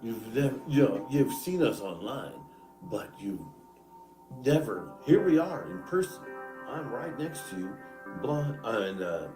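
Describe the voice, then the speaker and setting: A man ranting at length to someone who is not there, cursing and calling him selfish, swinging between loud outbursts and muttering. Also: mid-range voice, very animated, slow, echoey room, over music, poor audio. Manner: angry, profane, addresses absent man directly. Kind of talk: ranting monologue.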